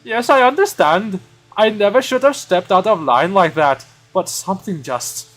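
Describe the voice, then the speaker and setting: A man voicing a timid, apologetic young man in a high, strained Indian accent. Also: lively intonation, moderate pace, fairly bright tone, faint music behind.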